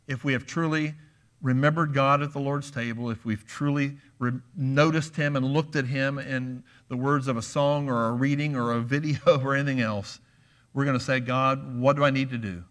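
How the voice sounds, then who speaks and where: A man preaching a sermon in a church, earnest and emphatic, often asking his listeners questions. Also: mid-range voice. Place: church sanctuary.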